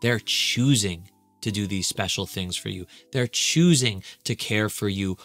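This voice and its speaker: A man's voice: lowish voice, a little slow, fairly bright tone, dry recording, soft background music. A man who is a relationship coach giving earnest, emphatic advice in a reaction video.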